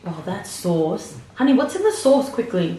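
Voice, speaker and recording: A woman's voice: medium pitch, sing-song, normal speed, mellow, reverberant, recorded from a distance, a little hiss or hum, rough recording. A woman co-hosting a casual mukbang vlog, teasing her husband and laughing often. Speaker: vlog co-host.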